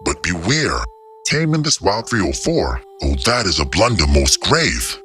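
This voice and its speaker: A deep-voiced man narrates with theatrical, mocking flair, his pitch swinging widely. His tone is bright and forceful, and soft music runs underneath. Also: sing-song, unhurried. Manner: theatrical, mocking, old-fashioned phrasing. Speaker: commentary host. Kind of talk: dramatic scripted narration.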